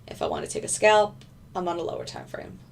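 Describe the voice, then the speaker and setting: A young woman hosts a casual livestream and chats through viewer questions with plenty of fillers. Her voice sits low and gravelly. She sounds a little distant from the microphone. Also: fast. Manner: relaxed, chatty, many fillers, answers viewer questions. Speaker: livestream host, futures day trader.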